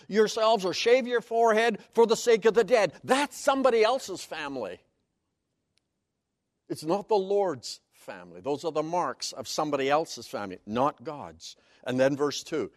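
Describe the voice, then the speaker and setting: A man's voice: high voice, sing-song, unhurried, dry recording, studio quality. A man preaching a sermon as Bible teaching, stressing key words emphatically and explaining Hebrew terms one by one.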